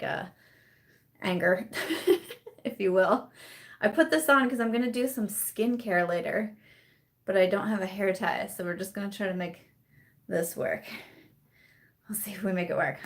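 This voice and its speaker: Young woman vlogger, casual live-stream host at home, chatty and rambling, quick to laugh. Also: mid-range voice. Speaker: vlogger hosting a live chat. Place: at home in the evening.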